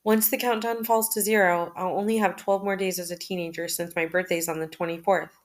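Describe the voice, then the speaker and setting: Speaking in a fairly low-pitched voice, a woman reads aloud from her personal journal in the first person. She keeps a steady, measured pace and occasionally restarts.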